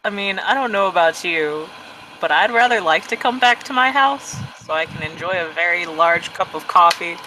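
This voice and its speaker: Man, tabletop game player, high voice, bright tone, dramatic, exasperated. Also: lively intonation, normal speed, poor audio. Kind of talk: in-character role-play chat.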